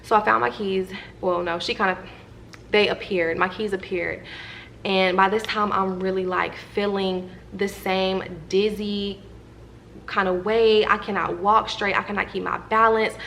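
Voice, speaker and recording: Young woman vlogging a storytime, talking right to the camera, animated and chatty, normal mid pitch, little bit of hiss. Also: unhurried, creaky. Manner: animated, chatty storytelling that addresses viewers directly. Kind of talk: storytime vlog, telling a personal story to viewers.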